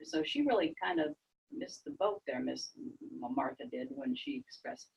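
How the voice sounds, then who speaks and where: A Bible study leader guiding a group discussion, animated and acting out quotes in a raised voice. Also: mid-range voice, normal speed, vocal fry, slightly rough, poor audio.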